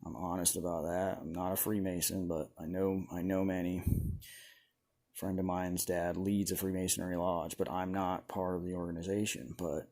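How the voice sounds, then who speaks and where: A man with a slightly low voice chats loosely on a home vlog. He rambles, chuckles at his own jokes and wanders into conspiratorial asides, talking to a camera on a stand. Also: level tone, moderate pace, a little mellow. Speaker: video creator. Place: indoors at home.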